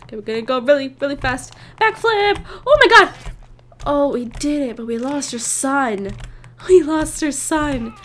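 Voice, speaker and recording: A young woman hosting a gaming channel, giving excitable let's-play commentary, groaning and shrieking as her rider crashes. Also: high voice, moderate pace, a little hiss or hum.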